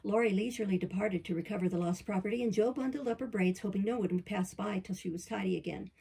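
A woman reads a classic novel aloud in a steady, measured way. Her voice is very husky and gravelly, with a dark, mellow tone. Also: medium pitch, poor audio. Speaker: audiobook reader. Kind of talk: scripted narration of a classic novel.

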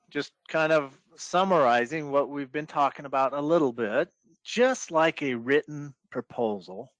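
A man moderates a business webinar at an unhurried pace, summing up points and passing questions to the panelists. His measured delivery comes through dry and close over a video call. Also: medium pitch, a bit bright, dry recording.

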